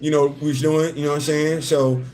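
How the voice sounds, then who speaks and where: A man's voice: fairly high pitch, level tone, fast talker, darkish tone, lightly acted, low-quality recording. A man imitating a rambling male filmmaker who mumbles and never finishes a sentence. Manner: mumbling, endless filler phrases.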